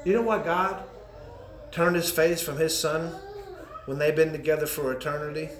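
High-voiced impassioned preacher man. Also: steady tone, normal speed, slight background noise. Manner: impassioned preaching that swings between loud and hushed. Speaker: pastor. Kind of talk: sermon. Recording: echoey room.

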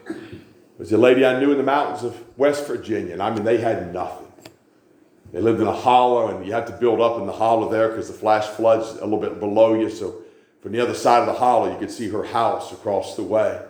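A man's voice: on the low side, fairly quick, darkish tone. Storytelling preacher man in echoey church. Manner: storytelling preacher, repeating phrases for emphasis. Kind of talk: sermon.

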